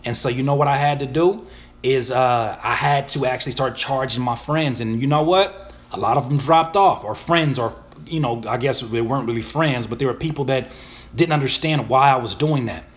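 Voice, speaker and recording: A man's voice: medium pitch, normal speed. Slangy man answering viewer questions. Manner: animated, slangy, reads questions aloud then answers. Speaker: YouTuber and music producer answering viewer questions. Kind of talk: casual live Q&A.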